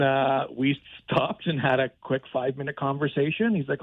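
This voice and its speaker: A man in his forties, a caller from Canada, telling a lively, self-deprecating story on a phone-in show. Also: mid-range voice, normal speed, few pauses, no room sound. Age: 40s. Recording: tinny phone line, dry.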